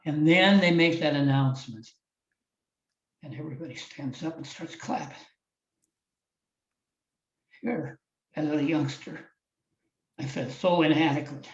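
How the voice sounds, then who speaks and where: Older guy telling his story, kinda high voice, echoey room, mic a bit far and dull. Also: unhurried, long pauses. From Iowa, USA. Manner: earnest, heartfelt storytelling with frequent restarts. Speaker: guest, former wrestling champion and motivational speaker. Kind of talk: storytelling in a podcast interview. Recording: roomy, distant, slightly dull audio.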